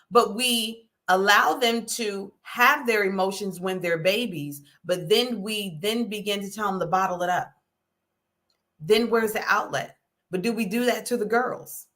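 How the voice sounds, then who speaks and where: A middle-aged woman hosting a casual talk, folksy and animated, often checking in with "okay?". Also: mid-range voice, unhurried, pauses often. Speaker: host. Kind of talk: casual talk to a live audience.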